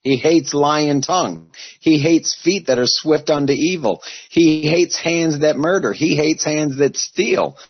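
A man's voice: on the high side, a little slow, husky, highs cut off. A man co-hosting a Bible discussion, insistently building up his point about scripture. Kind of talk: explaining scripture.

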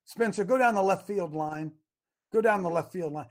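A man's voice: sits high, brisk. A man hosting a call-in show, talking animatedly and acting out little mock exchanges. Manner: animated, acts out mock dialogues. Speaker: host.

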